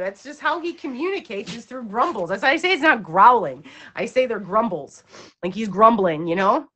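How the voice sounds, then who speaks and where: A woman's voice: sits high, animated, normal speed, fairly bright tone. A woman chatting casually to her dog, playful and laughing, slipping into baby talk and casual swearing. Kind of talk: casual chat.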